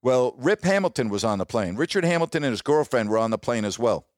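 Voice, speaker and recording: A man's voice: animated, fast, dry recording. Reminiscing middle-aged male sportscaster, dry sound. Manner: warm, reminiscing, quotes others in a lowered voice. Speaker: sports broadcaster, podcast host. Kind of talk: casual storytelling monologue.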